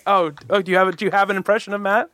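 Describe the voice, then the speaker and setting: A young man from Long Island hosting a casual chat, talking quickly with restarts and frequent laughs. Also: high-pitched, fairly even intonation, fairly bright tone, no echo. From Long Island, New York.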